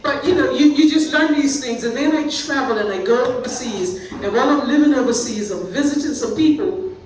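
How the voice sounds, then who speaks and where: A woman's voice: high voice, brisk, a little mellow, slight background noise. A Bermudian woman in her sixties doing stand-up, telling chatty stories at a live party and breaking into laughter. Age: 60s. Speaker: stand-up comedian. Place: party venue with a live audience. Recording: echoey room, mic from far off, audience laughter.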